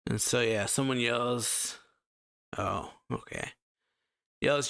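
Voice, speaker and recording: A man's voice: medium pitch, slow pace, vocal fry, pauses often, fairly bright tone. A man hosting a reaction video, casually chatting and reading aloud, loose with fillers like "so yeah". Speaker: anime reaction host. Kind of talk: casual chat summarizing and reading a manga chapter.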